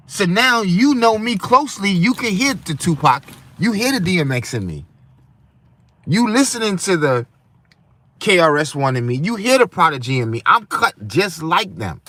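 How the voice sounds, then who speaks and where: A man's voice: a little high, pushed and bright, dry recording. Dry-voiced man ranting to his chat. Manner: preachy, rambling, talks to his chat. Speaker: livestream host. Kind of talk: casual livestream rant.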